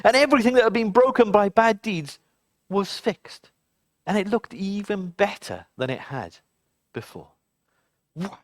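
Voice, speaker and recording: A man telling a story to children in an animated, dramatic way, speaking to the kids directly. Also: high voice, no echo.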